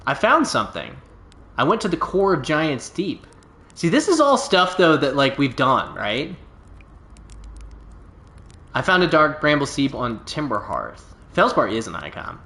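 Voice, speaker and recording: A man's voice: on the high side, very animated, unhurried, pauses often, bright, forceful tone. A man hosting a gaming video, giving casual, enthusiastic commentary as he plays. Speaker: gaming channel host. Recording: roomy echo.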